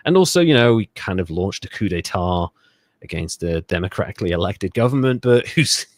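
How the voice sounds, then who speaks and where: This British history podcast co-host has a low-sitting voice, talking a little fast with lively intonation and no room sound. In casual chat he rambles through the story, sardonic and profane.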